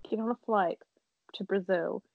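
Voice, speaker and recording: A woman's voice: medium pitch, steady tone, moderate pace, creaky, no room sound. A young woman co-hosting a casual chat, laughing, teasing and swearing freely. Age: young adult. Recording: dull lo-fi recording.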